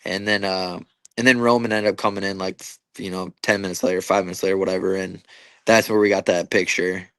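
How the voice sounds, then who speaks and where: A man's voice: low voice, flat delivery, fairly quick, fairly bright tone, no echo. A young man, an MMA fighter, telling stories in a casual interview with lots of fillers and swearing. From Minnesota, USA. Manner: casual, profane storytelling with many fillers and restarts.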